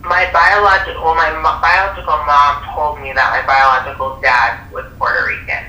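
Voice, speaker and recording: A woman calling in to a tarot reading, speaking hesitantly and haltingly. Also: sits low, fairly even intonation, bright, forceful tone, roomy sound, a little hiss or hum. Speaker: caller. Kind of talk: phone call-in. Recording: tinny phone line from far off.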